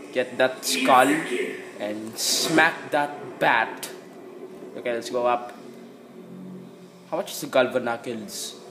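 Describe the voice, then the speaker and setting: Excitable man narrating his gameplay. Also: mid-range voice, rough recording. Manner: excitable, frequent exclamations and yelps; talks to himself while playing. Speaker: gameplay commentator. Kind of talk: casual gameplay commentary.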